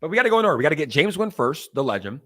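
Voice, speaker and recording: Chatty crypto streamer man, slightly high voice. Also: rapid-fire. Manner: animated, ranting, chatty with viewers. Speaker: crypto livestream host. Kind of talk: casual livestream talk.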